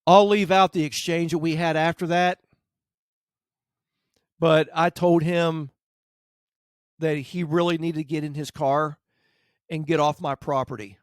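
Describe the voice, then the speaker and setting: A man with a somewhat high voice tells a story in a relaxed podcast chat and acts out the lines of the people in it. The sound is dry and close, with no room echo. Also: unhurried, long pauses, clear, resonant tone. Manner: animated anecdote, acts out quotes. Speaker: dog trainer, podcast host.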